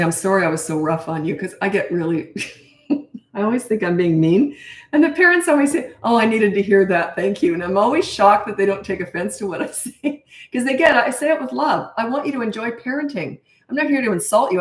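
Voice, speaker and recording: A middle-aged woman coaching parents in a blunt, emphatic way, laughing at herself now and then. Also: medium pitch. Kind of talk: casual advice monologue. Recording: echoey room.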